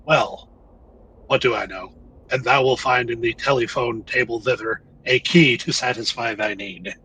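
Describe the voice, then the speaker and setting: A man's voice: mid-range voice, normal speed, pushed and bright, a little hiss or hum, rough recording. A man playing a pompous archaic landlord. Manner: archaic, formal, theatrical phrasing. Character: stiff, formal old-fashioned landlord, man.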